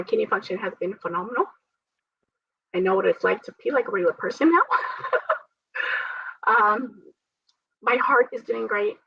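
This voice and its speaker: In an interview, a woman who survived a transplant shares her story earnestly, full of faith and frequent laughter. Her voice is medium-pitched and husky with vocal fry, and there's no room sound. A distant mic gives the recording a dull, dry quality.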